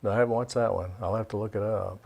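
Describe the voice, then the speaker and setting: A man's voice: on the low side, fairly even intonation, quick pace, creaky, a little mellow, breathy edge. A man, a guest on a studio talk show, explaining things emphatically and repeating his key points. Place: recording studio.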